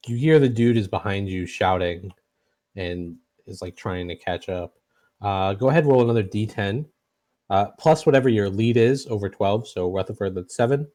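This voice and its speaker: A man narrating a tabletop game as game master, in a halting way with many fillers and restarts. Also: on the low side, warm tone.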